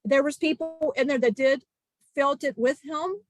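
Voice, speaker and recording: A woman channeling the spirit of an ancient male disciple, telling a grieving testimony in halting, emotional bursts with many restarts. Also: high voice, soft background music, natural voice. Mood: solemn.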